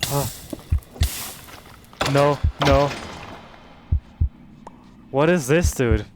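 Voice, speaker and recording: A young British man commenting casually on a game he is playing, swearing and reacting loudly to what happens on screen. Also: medium pitch, drawn-out words, a little hiss or hum. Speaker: streamer.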